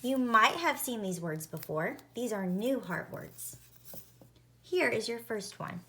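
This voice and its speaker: Slow careful lady teacher spelling words out for little kids, sounds every letter. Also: fairly high pitch, animated, fairly bright tone, a little hiss or hum. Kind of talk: phonics lesson for young children.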